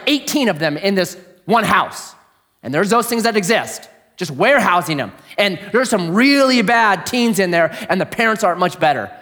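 A man preaching a sermon in a conversational storytelling way, swinging from animated bursts to hushed, low asides. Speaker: pastor.

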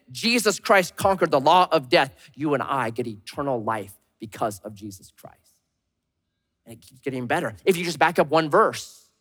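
A man in his thirties, a pastor giving a sermon, swinging between loud punchy lines and hushed slow emphasis. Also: a little high. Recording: long reverb of a large hall.

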